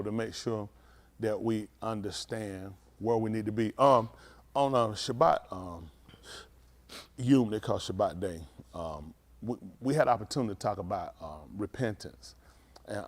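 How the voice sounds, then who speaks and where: A man pastor who jokes and banters with his livestream viewers by name, then teaches in an earnest, halting way. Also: lowish voice. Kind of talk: livestream greeting and sermon.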